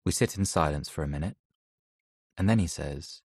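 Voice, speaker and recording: A man narrates a first-person audiobook softly and reflectively. His voice sits low, and the close studio recording is dry with no room sound. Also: normal speed, slightly rough, dry recording. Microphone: close studio mic.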